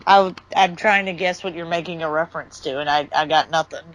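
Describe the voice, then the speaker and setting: A woman's voice: low-pitched, fairly even intonation, a little fast, highs cut off. A woman co-hosting a podcast, recapping wrestling in a matter-of-fact, dry way with plenty of fillers. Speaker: podcast co-host. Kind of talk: casual wrestling chat.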